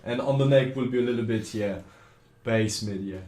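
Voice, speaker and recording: French man, guitar-player guest, animated storyteller, mid pitch, roomy recording. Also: normal speed. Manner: animated storyteller, laughs often, swears casually. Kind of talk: casual chat. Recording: roomy echo.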